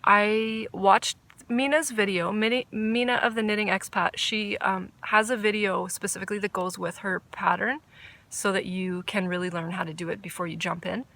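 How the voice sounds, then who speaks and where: A woman hosting a casual knitting podcast outdoors, chatty, excitable and self-deprecating. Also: mid-range voice, normal speed. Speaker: podcast host. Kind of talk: casual chat about knitting. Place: outdoors under a tree.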